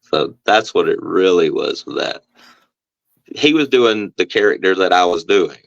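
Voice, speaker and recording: A man, a professional wrestler, talking casually in an interview and telling stories in a relaxed way, acting out other people's voices. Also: low-pitched, unhurried, vocal fry, no room sound, dull audio. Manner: relaxed storyteller, acts out the other voices in quotes.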